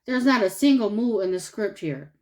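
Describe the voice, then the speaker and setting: A woman's voice: medium pitch, expressive, moderate pace, darkish tone, lightly acted. A fussy, easily flustered schoolteacher from a children's storybook, as a woman reading aloud puts her on. She speaks sternly, with weary exasperation.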